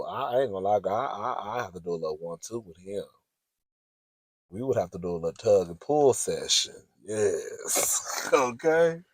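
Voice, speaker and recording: A man's voice: fairly low pitch, dry recording. A man vlogging in a sassy, giggly gossip chat, calling the audience "girl" often. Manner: chatty, sassy, giggly, says "girl" a lot.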